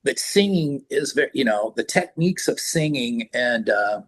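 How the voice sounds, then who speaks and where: An older man with a husky voice, chatting casually as an interview guest, rambling through stories and acting out sounds and quotes. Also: medium pitch, expressive, normal speed. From San Francisco Bay Area. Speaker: rock singer, interview guest.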